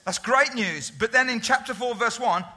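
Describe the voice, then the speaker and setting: A male pastor preaching a sermon, emphatic and lively, asking the congregation rhetorical questions. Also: very high-pitched, moderate pace.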